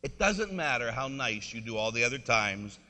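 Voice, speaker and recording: A male priest gives a chatty, storytelling sermon and coaxes the congregation to repeat a line after him. His voice is strikingly bright and carries a long church reverb. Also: mid-range voice, very animated, moderate pace. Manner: conversational, storytelling, leads congregation in repeating a phrase. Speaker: Catholic priest.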